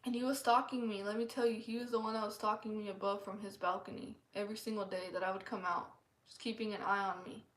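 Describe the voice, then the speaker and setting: A woman's voice: mid-range voice, little pitch movement, fast talker, fairly bright tone. A woman earnestly sharing a personal testimony in a casual, rambling way, full of "like" fillers. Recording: echoey room.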